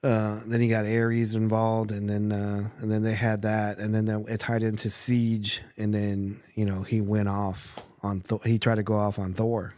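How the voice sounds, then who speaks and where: A man's voice: lowish voice, monotone, normal speed, few pauses, dark tone, no echo. A man co-hosting a podcast, casually recapping comic storylines with lots of fillers. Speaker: podcast co-host.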